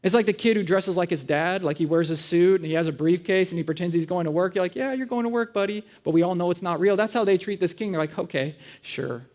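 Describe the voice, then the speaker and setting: A pastor in his thirties gives a conversational, story-driven sermon in a church auditorium, acting out voices in his funny family tales. His voice sits high and a little mellow, with fairly even intonation, and he talks fast with hardly any pauses.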